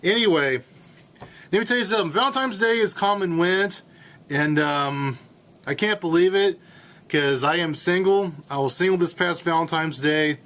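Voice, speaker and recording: A young man in his late twenties hosts a college radio show live from a campus studio. His voice sits a little high, and he clowns around in a goofy, playful way. He sounds like he is riffing, not reading a script. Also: normal speed, fairly bright tone. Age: late 20s. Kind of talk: casual comedic radio hosting.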